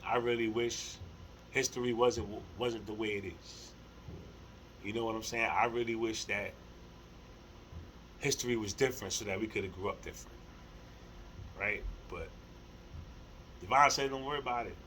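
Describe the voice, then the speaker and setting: A middle-aged man in a casual spiritual monologue to camera, rambling and repeating words, with heavy slang and swearing, earnest, with soft laughs between thoughts. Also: lowish voice, moderate pace, long pauses, a little hiss or hum, poor audio. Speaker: spiritual vlogger.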